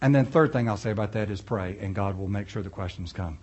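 A male pastor, preaching in a folksy, animated way with storytelling asides. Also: fairly low pitch, fast, breathy edge. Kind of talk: sermon.

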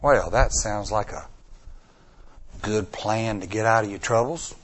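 A male pastor preaching a sermon in a folksy way, repeating lines for emphasis and swinging from hushed, slow passages to loud, high-pitched pleas. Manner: dramatic swings from hushed to near-shouting.

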